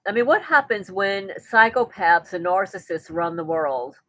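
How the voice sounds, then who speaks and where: A woman hosting a relaxed live stream, reading out viewer comments and replying in an easygoing, conversational way. Her voice sits at an ordinary middle pitch. The sound is close and dry, with no room echo. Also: normal speed. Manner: reads viewer comments aloud and answers them conversationally; chatty, with frequent restarts and light laughter. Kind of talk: casual live-stream chat.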